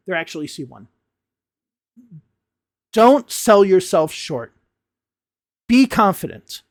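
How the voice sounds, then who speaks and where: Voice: medium pitch, no room sound, clean studio sound. Blunt, passionate American English teacher. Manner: emphatic, passionate, blunt, swears casually. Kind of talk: direct-to-camera lesson rant.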